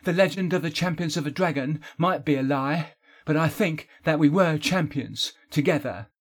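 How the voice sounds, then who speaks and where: Brief: man voicing a guilty, earnest fantasy hero, husky and a touch higher. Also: moderate pace. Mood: pleading. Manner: pleading, earnest. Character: remorseful young male traitor confessing. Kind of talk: audiobook character voice.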